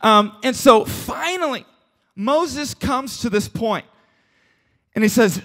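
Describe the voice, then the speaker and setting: A man preaching a casual, joking sermon as a pastor, retelling a story with quick asides and playful voices for its characters. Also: extremely high pitch, lively intonation, a bit bright.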